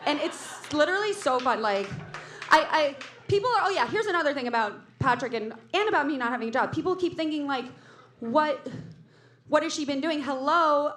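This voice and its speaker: A woman's voice: high-pitched, fairly bright tone, roomy sound. A woman in her thirties hosting a variety show with rambling, jokey stand-up that keeps interrupting itself. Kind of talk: stand-up comedy. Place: comedy club stage.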